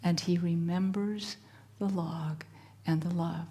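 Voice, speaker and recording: A woman telling a story in a soft, hushed voice that often drops to a whisper, with a repeating, rhythmic cadence. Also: on the low side, steady tone, takes it slowly, in a large hall. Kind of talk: slow spoken-word storytelling.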